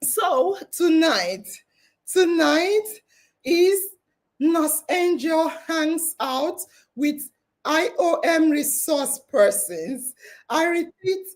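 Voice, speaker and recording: A woman hosting a live online hangout, excited and tearful, laughing as she reads out listener comments. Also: extremely high pitch, very slow. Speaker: podcast host.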